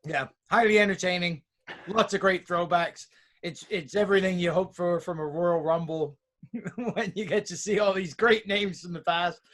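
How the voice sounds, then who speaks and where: High-voiced excitable man on a podcast. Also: normal speed. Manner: excitable, blunt, swears casually. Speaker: podcast co-host. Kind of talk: casual wrestling recap chat.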